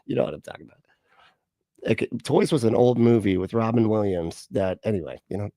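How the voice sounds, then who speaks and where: A man's voice: lowish voice, a little fast, vocal fry, warm tone, no room sound, studio quality. A man hosting a livestream, reacting to a clip with sarcastic, rambling commentary, frequent laughter and casual swearing. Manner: rambling, with fillers and restarts.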